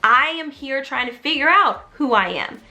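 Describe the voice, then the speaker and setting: A woman's voice: high-pitched, animated, normal speed, bright, forceful tone, heavily acted. A woman voicing a frightened woman with amnesia who begs her captors to let her go. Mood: pleading. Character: frightened woman with amnesia, turning cold killer.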